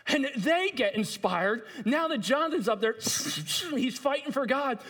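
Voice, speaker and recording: A man preaching a sermon, retelling a story with lively asides to his listeners. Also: very high-pitched, unhurried, slightly rough. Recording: long hall reverb.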